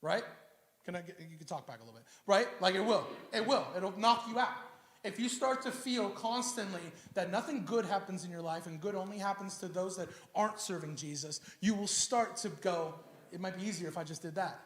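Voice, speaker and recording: Slangy high-voiced man preaching in echoey church. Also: fairly quick. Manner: casual slangy preaching, animated. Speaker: pastor. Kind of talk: sermon. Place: church sanctuary.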